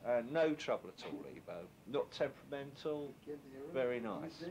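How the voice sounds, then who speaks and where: A man's voice: mid-range voice, animated, moderate pace, a crowd in the background. A man, a record producer, bantering for the camera in a recording studio in a crude, mocking, profane way. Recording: music playing in the background.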